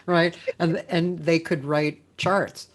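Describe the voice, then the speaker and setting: A woman's voice: fairly low pitch, level tone, slow. A woman hosting a casual chat over a video call, chiming in with short, encouraging reactions. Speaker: host.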